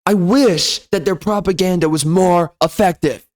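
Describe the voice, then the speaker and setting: A man delivering a loud, sneering, profane comedy rant as a game reviewer. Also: high-pitched, normal speed. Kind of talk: ranting comedy commentary.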